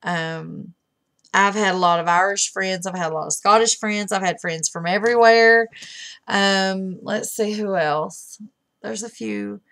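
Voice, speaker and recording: A middle-aged woman giving a heartfelt, halting farewell to her online friends, holding back tears. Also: mid-range voice, fairly even intonation, gravelly, fairly bright tone. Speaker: webcam streamer. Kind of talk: emotional farewell message.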